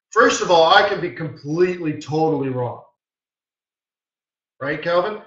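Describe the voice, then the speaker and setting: A man's voice: a little high, measured pace, a bit bright. A man hosting a live trading webinar, teaching in a blunt, emphatic way with short repeated commands. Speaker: forex market strategist hosting a live webinar. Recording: roomy, distant, dull-sounding mic.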